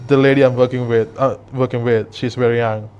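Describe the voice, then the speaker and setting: A man hosting an interview, asking questions in an earnest, halting way with frequent restarts. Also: medium pitch, flat delivery, a little mellow, smooth. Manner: hesitant, many fillers and restarts, earnest. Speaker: podcast host. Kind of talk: casual interview. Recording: slightly dull lo-fi audio.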